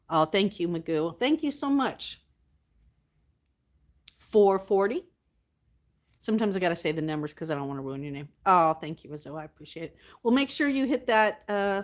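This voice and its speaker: A woman hosting her livestream, chatting casually with viewers, reading their comments aloud and thanking them warmly. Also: on the low side, lively intonation, brisk. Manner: affectionate, thanks viewers often. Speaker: livestream host.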